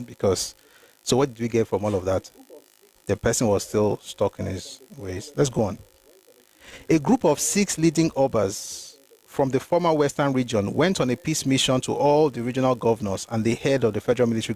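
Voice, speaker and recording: A man's voice: medium pitch, brisk, darkish tone. A man hosting a history livestream, reading documents aloud and commenting emphatically, talking to viewers by name. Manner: addresses viewers by name, mixes Yoruba phrases. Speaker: host.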